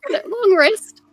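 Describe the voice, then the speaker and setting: A woman's voice: very high-pitched, background noise. A woman player chatting playfully and giggling during a tabletop game over voice chat.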